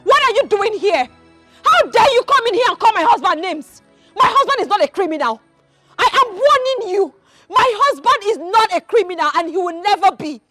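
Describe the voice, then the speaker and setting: A fierce, high-voiced Nigerian wife. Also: female voice, animated, moderate pace, no echo, faint music behind, heavily acted. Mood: angry. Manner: loud, defiant, accusing. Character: fierce loyal young wife, hot-tempered. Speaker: wife defending her husband. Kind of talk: Nollywood film acting.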